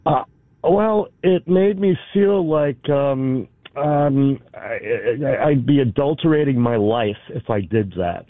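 A man phones in to a talk radio show and tells his story animatedly, putting on voices for the people in it. His voice is mid-pitched, and it comes through a thin, tinny phone line. The sound is dry and close. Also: slow, no echo. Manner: chatty, lively, acts out other people's lines with chuckles. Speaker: caller. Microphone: telephone.

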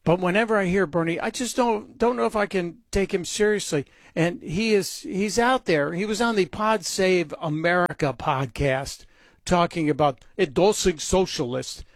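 A man's voice: high-pitched, normal speed, no room sound. A man hosting a talk radio show, delivering a sarcastic, mocking opinion monologue into a close studio mic.

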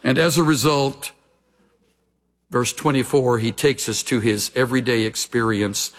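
Male pastor, 60s, unhurried expository preacher, mid-range voice. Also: medium pitch, steady tone. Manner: slow, deliberate verse-by-verse teaching. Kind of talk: expository sermon.

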